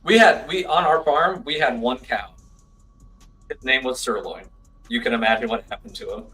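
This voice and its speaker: A man's voice: medium pitch, moderate pace, sharp tone, soft background music. A man chatting as a guest on a live stream, easygoing and rambling, often repeating himself. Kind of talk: casual chat.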